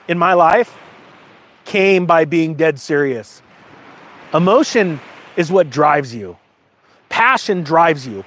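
Middle-aged guy with a high voice, rambling and emphatic, talks to camera about side hustles. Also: fairly bright tone. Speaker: channel host. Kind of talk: casual to-camera talk.

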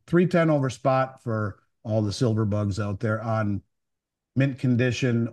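A man's voice: mid-range voice, darkish tone. A man on a call as a guest, talking bluntly and rambling, often restarting his sentences. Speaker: precious metals dealer guest. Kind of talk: casual chat. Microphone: remote call.

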